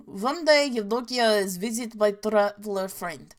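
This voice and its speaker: A woman putting on a cartoonish Russian accent to tell deadpan peasant jokes, dropping articles in mock-solemn style. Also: medium pitch, measured pace, close to an everyday voice. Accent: put-on cartoonish Russian. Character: deadpan Russian peasant-joke teller, gruff. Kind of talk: reading jokes aloud in a put-on voice.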